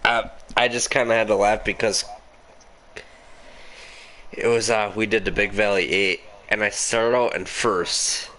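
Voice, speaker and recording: A man's voice: on the low side, fairly even intonation, a little slow, long pauses, sharp tone. A man with an Upper Midwest American accent, telling rambling gaming stories in casual chat, swearing and laughing a lot. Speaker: gaming podcast host.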